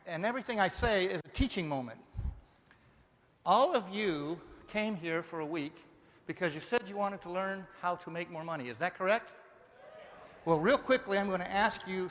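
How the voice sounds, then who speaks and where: A man from Denver giving a live motivational seminar, energetic and firing rhetorical questions at the audience. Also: high voice, a little hiss or hum. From Denver, Colorado. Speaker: motivational speaker. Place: large seminar hall. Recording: long reverb of a live hall.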